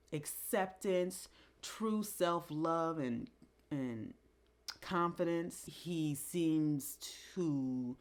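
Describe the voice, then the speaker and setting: A woman vlogger casually reviewing an album, musing reflectively with pauses and restarts. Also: low-pitched. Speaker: music commentary vlogger.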